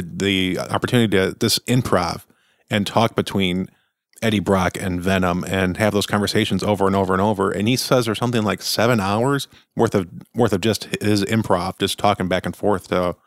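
A man's voice: low-pitched, no echo, studio quality. A man hosting a podcast, giving a casual, chatty and enthusiastic film review full of opinions. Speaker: podcast host.

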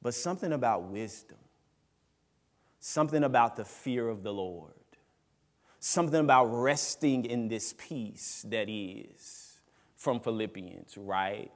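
A man preaching a sermon as pastor, emphatic, swinging between loud rises and quiet drops. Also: mid-range voice, expressive, takes it slowly, long reverb tail. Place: church sanctuary.

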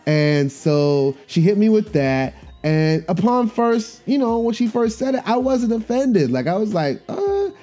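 A podcast host tells a story in a relaxed, slangy monologue, circling back and repeating his points. His pitch rises and falls widely as he talks. His voice has a warm, mellow tone. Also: unhurried, few pauses. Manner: animated, repetitive, slangy.

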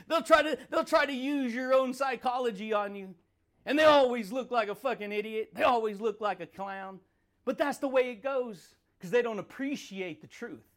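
A man's voice: very high voice, moderate pace. A man hosting a podcast, delivering a rambling motivational monologue, laughing between points and swearing freely. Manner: repeats catchphrases and calls listeners dude and baby. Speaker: podcast host.

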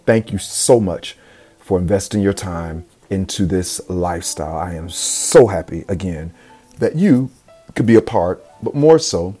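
A man's voice: on the low side, mellow. A man hosting a motivational podcast, earnest and emphatic, often repeating phrases for effect. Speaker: podcast host.

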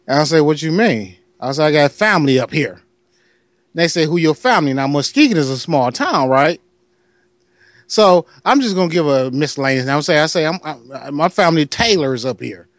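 A man's voice: fairly high pitch, no room sound, clean studio sound. A man with a Detroit accent, casually telling a long story on a podcast, acting out the other people's lines and laughing as he goes. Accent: Detroit, Michigan. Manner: animated storyteller, acts out other voices, laughs often.

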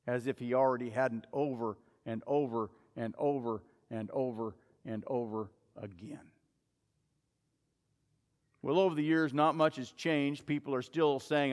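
Speaking at a mid-range pitch and a slightly slow pace, a pastor delivers a dramatic sermon in a church sanctuary whose large-room sound is audible. He acts out what the crowd shouted and fires pointed rhetorical questions at his listeners.

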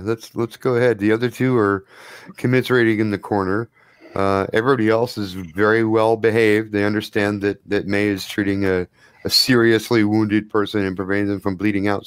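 A man narrating as game master in a tabletop game, relaxed and wry, with many fillers. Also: fairly low pitch, clear, resonant tone, no echo, studio quality.

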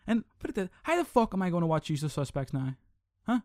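A young man hosts his own podcast, ranting casually and swearing a lot in an animated, rambling way. His voice sits high and he talks fast. The studio-quality recording has no echo.

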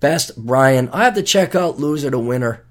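A man's voice: a little high, lively intonation, brisk. A man from Minnesota hosting his own podcast, talking casually in a sarcastic, ranting way and swearing freely. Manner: mocking voices when quoting people. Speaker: podcast host. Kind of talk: casual solo podcast monologue.

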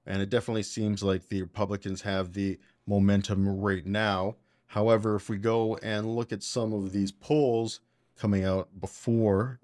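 A man's voice: on the low side, flat delivery, normal speed, darkish tone, no echo, studio quality. A man hosting a podcast, giving casual, blunt and opinionated political commentary. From Canada. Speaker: podcast host.

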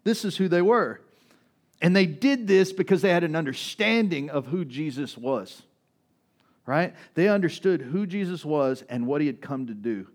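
A man preaching a sermon as pastor, in a conversational style with frequent "right?" asides, moving between loud, raised passages and quiet, low stretches. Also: expressive, moderate pace.

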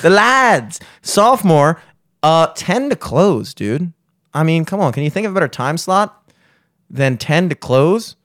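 A man's voice: fairly high pitch, big pitch swings, measured pace, no room sound, clean studio sound. A young man, a podcast host plugging his gigs in profane, joking, rambling banter. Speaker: podcast host and gigging musician.

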